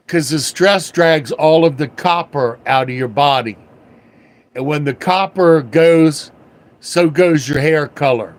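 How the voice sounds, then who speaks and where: Older guy rambling slow on a livestream, folksy and wry, kinda high voice. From Washington area, USA. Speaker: livestream host. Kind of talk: casual storytelling livestream.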